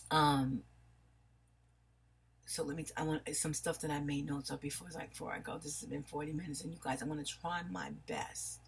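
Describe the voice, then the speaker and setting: A woman's voice: deep voice, slightly rough. A woman from New York talking to her viewers in a personal video, rambling and apologetic, losing her train of thought. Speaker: vlogger. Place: home in Los Angeles.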